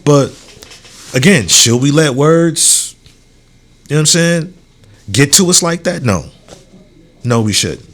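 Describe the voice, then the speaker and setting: A man's voice: on the high side, animated, slow pace, pauses often. A young adult man hosting his own podcast, talking loosely in a casual solo monologue, swearing freely and leaning on "you know what I'm saying.". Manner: swears freely, heated then warm and encouraging. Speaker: podcast host.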